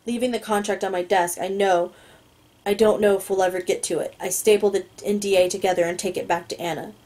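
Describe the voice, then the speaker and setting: A woman reads a first-person novel aloud in a mellow, warm voice at a mid pitch. She stumbles over words now and then, restarts, and breaks in with quick asides of her own. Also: steady tone, poor audio. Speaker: reader.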